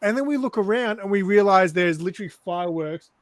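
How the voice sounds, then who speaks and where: Animated high-voiced Australian man. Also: fast talker, dry recording. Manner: animated storyteller. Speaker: guest on a stream panel. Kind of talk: casual chat on a video call.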